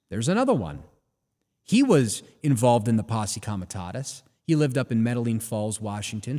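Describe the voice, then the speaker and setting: Animated ranting male host. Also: mid-range voice, in a large hall. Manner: animated, ranting, rhetorical questions. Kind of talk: live show monologue.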